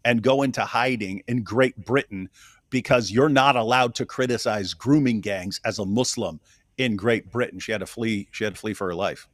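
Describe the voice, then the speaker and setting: A man co-hosting a casual political discussion, animated and quick to laugh, often restarting his sentences. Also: fairly low pitch, no echo, clean studio sound. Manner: animated, laughs while talking, frequent restarts. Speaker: co-host.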